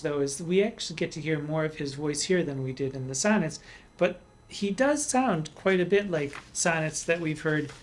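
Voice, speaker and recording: A man performing in drag hosts a literary podcast. He discusses poems with cheeky, playful asides and slows down to savor key words. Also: a little high.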